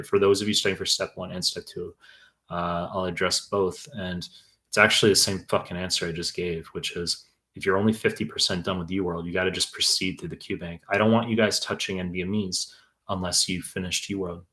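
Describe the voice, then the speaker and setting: A young man answers viewers' questions on a live stream, tutoring for medical exams in a blunt, profane, rambling way. His voice sits very low and stays flat, with a bright, sharp edge. He talks like a casual teacher who goes off on tangents. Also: fairly quick. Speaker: exam tutor.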